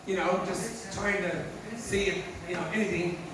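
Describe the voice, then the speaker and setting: A man's voice: high voice, fairly even intonation, moderate pace. A man doing stand-up comedy, telling candid, profane and emotional stories to a live audience. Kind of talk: stand-up storytelling. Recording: echoey room, far mic, crowd noise.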